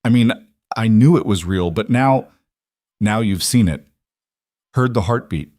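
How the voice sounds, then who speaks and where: A vulnerable woman executive, soft-spoken and tearful, read by a man with a low voice. The sound is close and dry, with no room around it. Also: expressive, unhurried, dry recording. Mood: tender.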